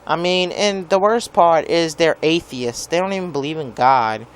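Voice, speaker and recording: A man's voice: on the high side, moderate pace, clear, resonant tone. Young man ranting, foul-mouthed. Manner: profane, rambling, heavy use of "like". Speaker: vlogger. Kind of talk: rambling angry rant to camera.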